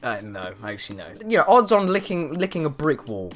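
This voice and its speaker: A man's voice: on the high side, fairly quick, faint music behind. A teenage boy vlogging, telling rambling stories with lots of fillers. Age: teens. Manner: rambling, animated, lots of "you know" fillers. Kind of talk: casual storytelling vlog.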